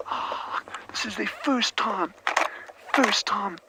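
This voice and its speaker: A man's voice: sits high, normal speed, very noisy. A man working as a field guide, gushing with overjoyed commentary during a live safari broadcast outdoors. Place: outdoors on a game drive.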